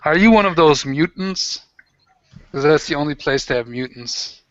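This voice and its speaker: A man's voice: a little high, lively intonation, normal speed, fairly bright tone, slight background noise. A man voicing a terrified, wounded male enemy soldier in a tabletop game, pleading and whining in a panic. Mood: exasperated. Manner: panicky, whimpering, exasperated pleading. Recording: dull lo-fi dry recording.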